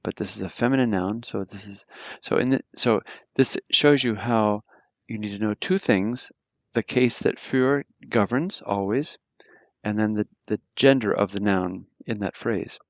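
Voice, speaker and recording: A man's voice: lowish voice, a little slow, no room sound, dull audio. A man teaching a German grammar lesson, explaining patiently with lots of fillers and restarts. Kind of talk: live online grammar lesson.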